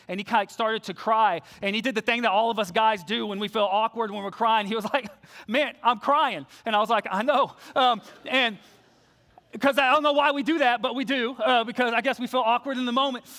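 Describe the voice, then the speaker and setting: A young man delivers a church sermon in a notably high voice. He tells stories in a loose, chatty way and drops to a soft hush when he urges the listeners. He speaks on a microphone in the sanctuary. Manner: conversational storytelling, drops to soft hushed tones when making appeals. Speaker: preacher.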